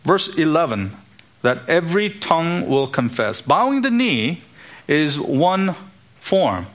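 A man's voice: a little high, big pitch swings, slow, a bit bright. A man preaching an expository sermon in an earnest, emphatic way, now and then acting out the voices he quotes.

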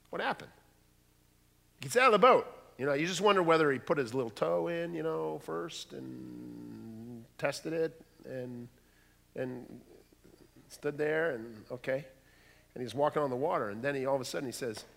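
A man preaching a sermon, dramatic, dropping to a hush and rising to loud bursts. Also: on the high side, animated, moderate pace, gravelly, long pauses. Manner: dramatic, swings from hushed to loud. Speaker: pastor. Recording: long hall reverb.

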